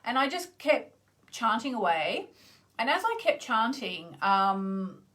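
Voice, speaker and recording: A middle-aged Australian woman hosting a live chanting session, talking casually and meandering, with loud exclamations that trail off into soft endings. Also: on the high side, sing-song, takes it slowly. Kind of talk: casual live-stream chat. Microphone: video call.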